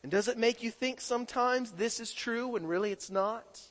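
A man with a very high, fairly bright voice preaches at normal speed, repeatedly questioning his congregation and drawing out their answers in call-and-response. Hall reverb echoes around him.

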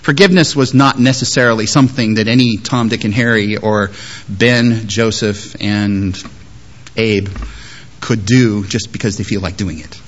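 A man preaching a sermon as a pastor, moving between strong emphasis and quiet, softly spoken quotes. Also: lowish voice, normal speed, muffled recording. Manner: lively, shifts between loud emphasis and soft quoted words.

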